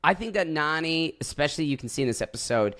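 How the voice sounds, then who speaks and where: A man's voice: a little high, fast. A man co-hosting a podcast, casually recapping a reality show and acting out quotes from it. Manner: animated storytelling, acts out quotes, swears. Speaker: podcast co-host.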